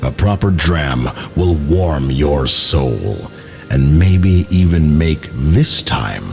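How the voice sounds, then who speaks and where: A man voicing the Whiskey God, a solemn male whisky deity, reading slow tasting notes in a mock Irish accent with a deep gravelly drawl. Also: expressive, darkish tone, exaggerated voice. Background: music.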